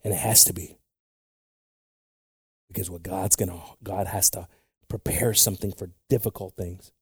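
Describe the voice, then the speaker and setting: A man preaching a bilingual sermon with passion, dropping to hushed whispers and rising to shouts. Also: low-pitched, steady tone, moderate pace, long pauses, slightly rough, no room sound, studio quality.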